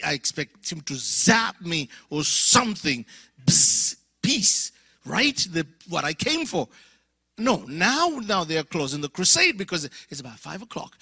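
A middle-aged man preaching his testimony as a guest speaker, telling the story with animated acted dialogue and voicing other people in a high pitch. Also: normal speed, slightly rough, no echo, clean studio sound.

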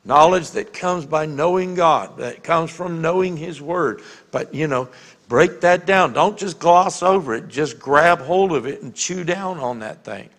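A man preaching a conversational sermon as a pastor, often repeating words and slowing down to read scripture with emphasis. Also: on the high side, a bit bright. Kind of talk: sermon teaching. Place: church sanctuary. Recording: long hall reverb.

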